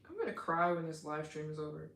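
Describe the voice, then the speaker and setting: A woman chatting on a live stream, gushing and excitable, her speech full of "like." Her voice sits on the lower side, and the room around her rings with echo. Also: fast talker, vocal fry. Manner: effusive and excitable, heavy use of "like". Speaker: travel vlogger hosting a live stream. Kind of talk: casual live-stream chat with viewers.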